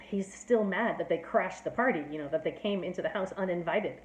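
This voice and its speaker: A woman's voice: on the low side, a little fast. A woman giving a casual, chatty plot summary as a teacher, filling her talk with "like" and "you know". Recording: roomy echo.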